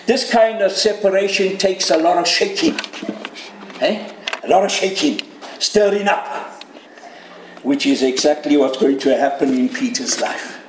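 A man's voice: a little high, measured pace, slight background noise. A man preaching a sermon in an earnest, conversational way, asking his listeners direct questions. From Canada. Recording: echoey room.

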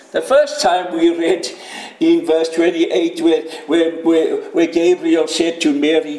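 A man's voice: a little high, steady tone, slow, warm tone, roomy sound, rough recording. A man preaching a sermon, emphatic and addressing his listeners as friends.

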